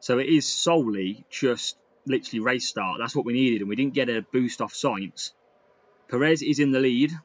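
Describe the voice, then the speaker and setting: Excitable man commentating gameplay. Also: mid-range voice, moderate pace, lo-fi sound. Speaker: gaming YouTuber.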